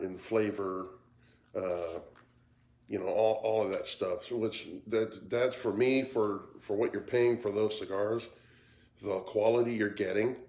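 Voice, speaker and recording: Tired, halting man in a roomy space. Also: lowish voice, a little mellow. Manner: halting, repeats words, easygoing. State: tired, yawning. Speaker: cigar reviewer. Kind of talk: casual cigar review vlog. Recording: roomy echo.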